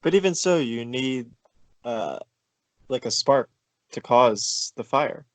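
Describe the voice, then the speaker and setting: A young man from Maryland trades deadpan, teasing jabs in a casual podcast chat. His voice is mid-pitched. It is recorded close and dry. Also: takes it slowly, dry recording. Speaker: podcast co-host.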